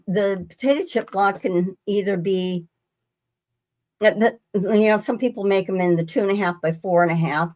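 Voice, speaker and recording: A woman's voice: on the low side, a little mellow. A woman hosting a casual live quilting demonstration from her sewing room, rambling and restarting her sentences as she greets viewers by name. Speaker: quilting livestream host.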